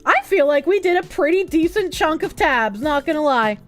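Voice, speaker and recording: Woman streamer, very high voice, bouncy sing-song delivery, foul-mouthed and joking, faint music behind. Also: animated, moderate pace, fairly bright tone. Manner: crude, joking, swears freely. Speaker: livestreamer. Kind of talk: casual stream chat, reading out donations.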